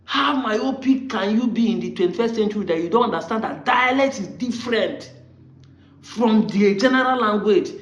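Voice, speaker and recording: A man with a Nigerian accent giving a combative monologue, firing off rhetorical questions at his critics. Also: sits high. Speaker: online commentator. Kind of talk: argumentative monologue. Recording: roomy, muffled lo-fi sound.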